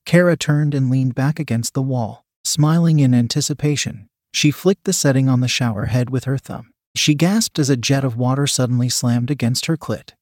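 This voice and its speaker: A man giving a scripted story narration in an even, steady reading voice. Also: medium pitch, moderate pace, hardly any pauses, dry recording, clean studio sound.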